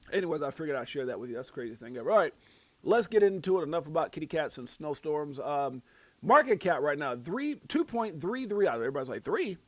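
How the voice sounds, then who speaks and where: A man's voice: a little high, no echo. Slangy crypto livestream host, a man. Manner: animated, slangy shout-outs to viewers. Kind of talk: casual livestream chat. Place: Las Vegas.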